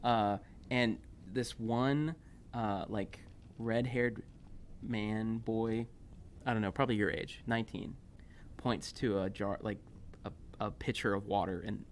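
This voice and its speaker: Low-voiced man game master. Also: fairly even intonation, takes it slowly, a little hiss or hum. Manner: loose, rambling narration with fillers. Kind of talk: narrating a tabletop game.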